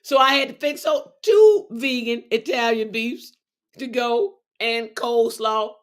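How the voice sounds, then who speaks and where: A woman's voice: a little high, measured pace. A middle-aged woman hosting her show, telling a story in a casual, exuberant way full of exclamations. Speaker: show host.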